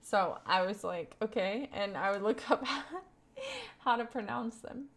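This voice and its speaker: A woman's voice: medium pitch, huge pitch swings, measured pace. Woman, light Southern accent, young adult, casual streamer chat, filler-heavy rambling. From Kentucky. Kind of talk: casual live-stream chat reading viewer messages.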